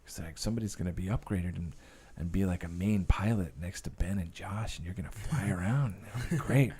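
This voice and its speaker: A man's voice: low-pitched, a little fast, dark tone, breathy edge. A man who is a guest actor and director, telling stories in a casual interview with profane, rambling speech full of fillers.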